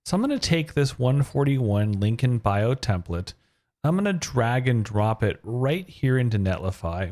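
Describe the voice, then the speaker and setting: A man hosts a screen-recorded coding lesson and narrates each step as he types it. His delivery is upbeat, and his pitch moves up and down a lot. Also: a little mellow. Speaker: web design tutorial host.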